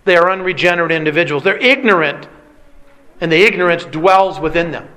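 A man's voice: a little high, fairly quick, bright, forceful tone, low-quality recording. A man preaching a sermon with an emphatic, repetitive cadence. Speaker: pastor.

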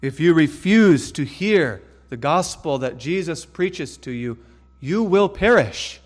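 A man preaching a sermon in a slow, deliberate style, using emphatic repetition. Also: on the high side, animated. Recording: long hall reverb.

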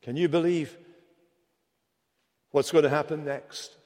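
A man's voice: on the high side, steady tone, measured pace, darkish tone. A middle-aged man preaching a sermon, dramatic, rising to impassioned rhetorical questions. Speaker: pastor. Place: church sanctuary. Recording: long church reverb.

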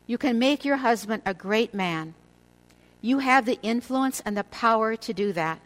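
An older woman giving a devotional teaching to women, speaking in a measured, earnest way and slowing down for emphasis. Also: fairly high pitch, lively intonation, a bit bright, poor audio.

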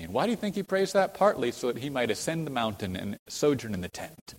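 A man's voice: sing-song, fast. Earnest male preacher in a reverberant hall. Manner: builds to fervent, high-pitched emphasis when quoting scripture; earnest, explanatory, addresses the congregation with questions. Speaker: pastor. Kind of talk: sermon.

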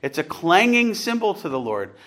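A man's voice: high voice, sing-song, moderate pace, fairly bright tone. A man preaching an earnest, conversational sermon, rising to emphatic points and putting questions to his congregation. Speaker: pastor.

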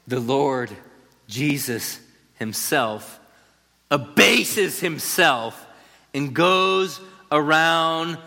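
Bright, high-voiced preacher in a reverberant hall. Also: male voice, expressive, drawn-out words, creaky, long pauses. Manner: conversational, emphatic, with asides to the listeners. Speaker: pastor. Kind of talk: expository sermon. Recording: long reverb of a large hall.

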